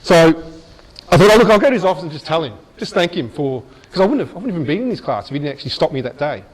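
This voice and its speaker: A middle-aged man giving a motivational speech, telling a personal story in a lively, chatty way with asides. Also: a little high, racing, poor audio. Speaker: motivational speaker.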